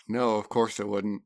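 A man's voice: on the low side, gravelly. A man co-hosting a podcast, mostly giving short, dry, amused reactions. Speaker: podcast co-host. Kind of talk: casual chat.

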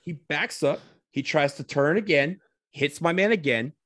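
A man telling a comedic personal anecdote, animated, swearing casually and acting out what people said. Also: on the high side, moderate pace, dry recording, studio quality.

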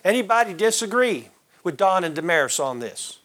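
A man's voice: high voice, big pitch swings, moderate pace, fairly bright tone. A man teaching a Bible class, quizzing his listeners and calling on them by name. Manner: questions the class and calls on members by name.

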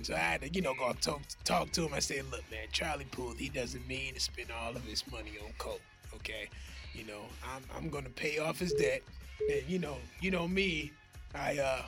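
A man's voice: a little high, vocal fry. A man playing a boastful Black superhero in a comedic radio bit, talking in brash streetwise slang over music.

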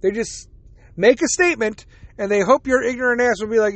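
A man's voice: very high-pitched, fairly quick, no room sound. A man hosting a casual solo podcast, talking bluntly and sarcastically, mocking the other side with put-on quotes, and yawning now and then. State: yawning, drowsy. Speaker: podcast host.

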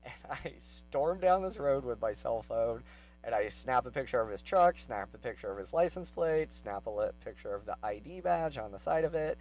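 A man casually telling a personal story, rambling with many fillers and growing heated and quick as he retells his anger. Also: mid-range voice, lively intonation, darkish tone, faint music behind, poor audio.

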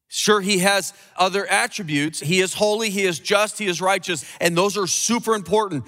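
A man preaching a sermon as pastor, emphatic, with dramatic pauses. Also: sits high, a bit bright, in a large hall.

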